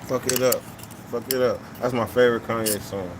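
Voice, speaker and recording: Against background noise, a man hosts a casual live talk stream at a slightly fast clip, his medium-pitched voice steady. He reads viewer comments and gives blunt, profane opinions, often repeating his points.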